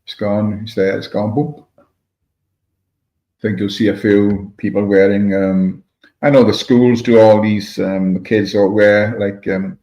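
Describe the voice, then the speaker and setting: A man's voice: fairly low pitch, little pitch movement, a little slow, mellow. A man from Wales with a Welsh accent, rambling in casual chat and greeting viewers by name as he hosts a livestream. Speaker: livestream host reading chat. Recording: echoey room, dull lo-fi sound.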